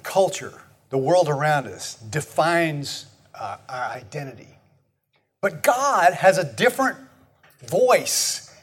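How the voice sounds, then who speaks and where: A man's voice: high-pitched, husky. A man preaching a sermon, talking conversationally and asking the congregation questions. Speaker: pastor.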